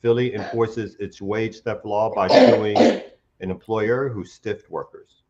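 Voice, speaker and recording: Relaxed man reading the news. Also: lowish voice, slow, highs cut off, over a noisy crowd. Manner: relaxed, reads with fillers and restarts. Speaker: host. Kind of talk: casual morning show, reading news aloud.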